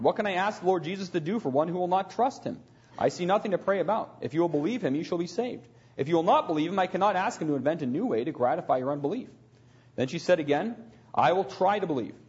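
A man's voice: fairly high pitch, darkish tone, muffled recording. A man preaching a sermon, reading aloud from a book and breaking off into loose spoken asides. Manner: reads passages aloud, then adds loose asides with restarts.

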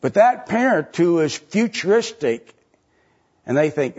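Middle-aged male pastor, husky, fairly high voice, chatty sermon full of rhetorical questions, dull lo-fi recording. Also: sing-song, measured pace, darkish tone. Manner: conversational preaching with rhetorical questions, pitch rising sharply for emphasis.

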